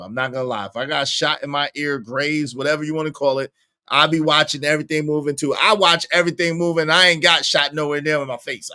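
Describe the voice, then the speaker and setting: A young man hosting a casual livestream, reading the chat aloud and teasing viewers with lots of repetition. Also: fairly high pitch. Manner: animated, teasing, repeats lines to the chat.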